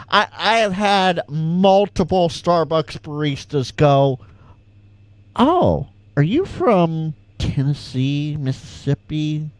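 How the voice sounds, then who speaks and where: A relaxed Californian man with a faint Southern twang hosts a live Q&A, chatting to his viewers and tripping over repeated words as he goes. He talks slowly, his pitch rises and falls a lot, and the close microphone sounds dry. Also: no room sound. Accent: slight Southern American twang. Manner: chatty, reads chat aloud, stammers and repeats words. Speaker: ham radio livestream host. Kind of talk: casual livestream Q&A chat.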